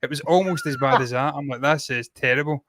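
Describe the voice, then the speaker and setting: A man co-hosting a casual film review podcast, blunt and animated, swearing freely. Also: mid-range voice, brisk, slight background noise.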